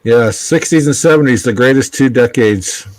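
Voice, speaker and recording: A man's voice: medium pitch, moderate pace, a crowd in the background, rough recording. A man in his sixties chatting casually, telling rambling stories in a laid-back way. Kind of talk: casual chat.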